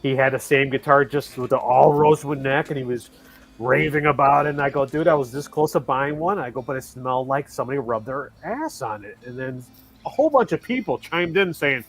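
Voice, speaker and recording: A man's voice: medium pitch, fairly quick. A man hosting a casual chat, telling a story and acting out the quotes. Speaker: host. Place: Chicago.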